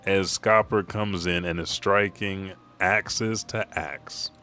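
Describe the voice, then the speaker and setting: Low-voiced man reading a comic casually. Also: steady tone, slow pace, pushed and bright, soft background music. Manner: casual, profane, offhand. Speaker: manga reader and commentator.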